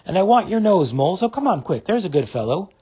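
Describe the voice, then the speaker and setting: A man voicing a cheerful, practical male water rat who talks briskly and hurries his friend along. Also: high-pitched, huge pitch swings, warm tone, slightly rough, highs cut off, voice pushed up, heavily acted. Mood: urging.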